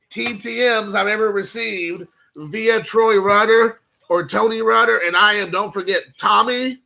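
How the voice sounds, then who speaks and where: A man chatting casually in an unboxing video, excitable and rambling, joking with viewers. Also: high voice, vocal fry. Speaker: card collecting vlogger.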